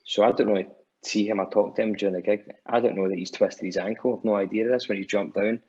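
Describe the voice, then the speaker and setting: A man's voice: lowish voice, steady tone, fast, darkish tone, slightly rough. A Scottish man, a musician guest, telling stories in casual chat, swearing freely and restarting often. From Scotland. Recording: dull lo-fi podcast audio.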